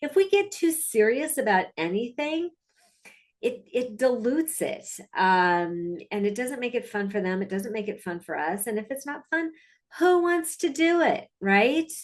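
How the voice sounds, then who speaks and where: A woman's voice: a little high, lively intonation, unhurried. A woman dog trainer narrating her video clips in a casual, chatty, upbeat way, with fillers and asides.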